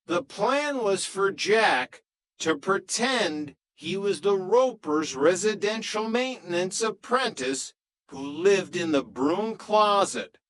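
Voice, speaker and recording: A man narrating a comic story as a scripted storybook reading, in an even, unhurried way. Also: high voice, no echo, low-quality recording.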